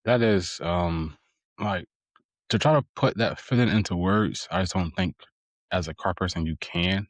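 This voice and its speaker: A man interviewing a guest, speaking in a relaxed, reflective, casual way with slang. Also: low voice, measured pace, no room sound.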